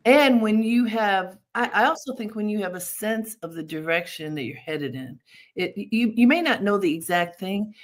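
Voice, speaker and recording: A woman's voice: mid-range voice, expressive, moderate pace. A woman hosting an interview, affirming her guest and reflecting thoughtfully on what she hears. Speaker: talk show host.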